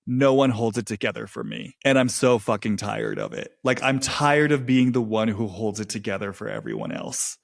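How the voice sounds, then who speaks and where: A man hosting his own podcast, talking alone in a reflective, halting way and repeating phrases as he searches for words. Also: mid-range voice, animated, gravelly. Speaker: podcast host. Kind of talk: reflective solo monologue.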